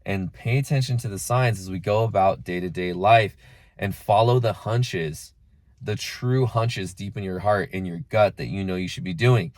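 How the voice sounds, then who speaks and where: A man's voice: deep voice, normal speed, darkish tone, no room sound. A young man talking casually to camera as a spiritual coach, chatty and full of filler "like"s and acted-out inner voices. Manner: conversational, lots of "like" and acted-out inner quotes.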